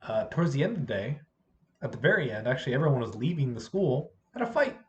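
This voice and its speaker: A substitute teacher with a hoarse voice from yelling, telling stories in a casual vlog and acting out what others said. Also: mid-range voice, fast, muffled recording, a little hiss or hum. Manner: animated, acts out what others said.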